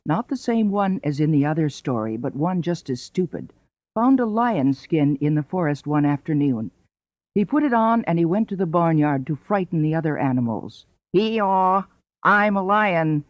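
A man narrating a fable in a plain, steady storybook reading. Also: a little high, moderate pace, no echo. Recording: dull lo-fi audio.

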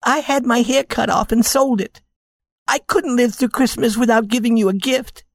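A man's voice: extremely high pitch, fairly even intonation, moderate pace, dry recording, pitched above the performer's own voice. A man voicing an anxious, loving young wife in a storybook reading, pleading and breathless. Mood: desperate.

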